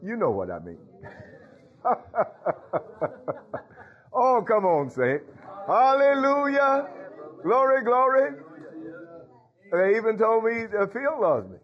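A man's voice: high voice, huge pitch swings, normal speed, hardly any pauses, dull audio. A man preaching as a pastor, calling out to his congregation with frequent hallelujahs. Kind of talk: sermon.

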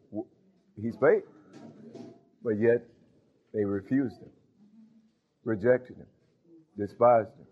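A male pastor giving a sermon, halting with fillers, then building to emphatic points. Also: mid-range voice. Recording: tinny phone-like audio.

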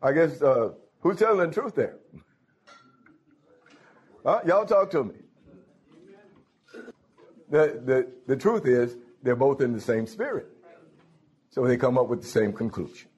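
A man's voice: mid-range voice, sing-song, measured pace, long pauses, a little mellow, husky. A man preaching a sermon, calling out to his congregation. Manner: folksy, calls out to the congregation.

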